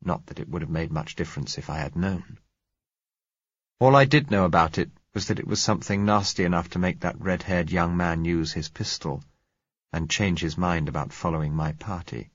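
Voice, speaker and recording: A man with a very low, husky voice narrates an audiobook in a measured, reflective first-person reading. The sound is dry and close, with a dull, lo-fi quality. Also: no echo.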